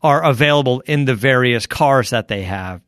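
A man co-hosting a casual podcast, telling stories in a loose, animated way, swearing and laughing often. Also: mid-range voice, moderate pace, no echo, clean studio sound. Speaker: podcast co-host. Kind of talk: casual chat.

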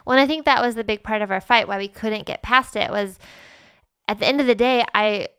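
A woman in her thirties co-hosting a podcast with her husband, speaking gently and thoughtfully. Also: a little high, a little fast, smooth. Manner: soft-spoken, sensitive, conflict-averse. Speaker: podcast co-host. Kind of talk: casual conversation. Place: quiet room with cameras and lights.

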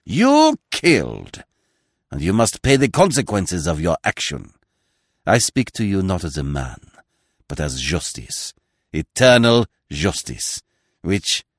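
A man's voice: rumbling low, slow pace, gravelly, few pauses, mellow, breathy edge, no echo, clean studio sound, pitched below the performer's own voice, exaggerated voice. A man voicing a pompous male magistrate who speaks with biting, theatrical scorn in an audiobook reading. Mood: grandstanding.

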